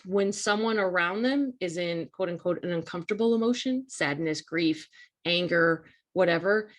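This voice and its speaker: A woman hosting a live coaching talk, speaking in a casual, earnest and emphatic way that repeats key points and speaks straight to her listeners. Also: medium pitch. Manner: earnest, emphatic and repetitive, addresses listeners directly.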